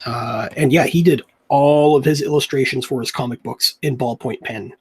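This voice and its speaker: A man's voice: mid-range voice, fairly even intonation, normal speed, darkish tone, husky. A young man, a comic artist, chatting in a rambling, laid-back way while he draws at home. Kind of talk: casual chat while drawing.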